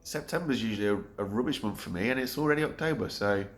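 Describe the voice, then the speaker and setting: Low-voiced man thinking aloud. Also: expressive, fast. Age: 30s. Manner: earnest, rambling, thinking aloud with many restarts. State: getting choked up. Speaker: vlogger. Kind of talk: reflective vlog monologue.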